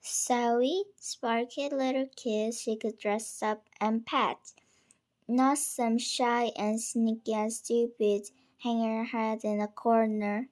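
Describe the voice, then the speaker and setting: A woman reads a first-person story aloud at a slow, careful pace. Her voice sits a little high, and she sometimes trips on a word and starts it again. The reading feels homemade rather than polished. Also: fairly even intonation, a little mellow. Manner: unpolished reading with small stumbles and restarts.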